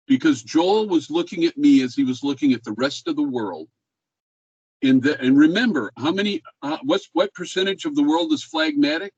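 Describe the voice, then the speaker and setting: A man's voice: a little high, animated, normal speed, darkish tone, husky, no room sound, lo-fi sound. An older man teaching an online class, talking in a laid-back way and checking in with questions. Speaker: music professor.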